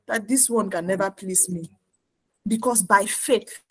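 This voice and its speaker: A woman preacher delivering a lively sermon, mimicking her congregants and laughing often. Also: mid-range voice, normal speed, no room sound, poor audio.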